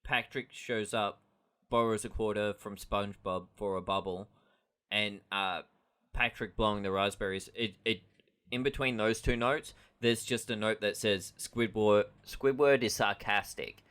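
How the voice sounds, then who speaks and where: A man's voice: lowish voice, steady tone, normal speed, bright, forceful tone. A man co-hosting a podcast, recapping a cartoon episode in casual chat, laughing often and starting sentences over. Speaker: podcast co-host.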